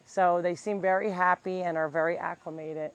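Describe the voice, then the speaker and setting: A woman's voice: lowish voice, fairly even intonation, moderate pace, lo-fi sound. A woman who runs an animal sanctuary, chatting casually on a live tour outdoors and cooing at the animals. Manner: chatty, talks baby-talk to animals. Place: outdoors on a farm. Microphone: handheld mic.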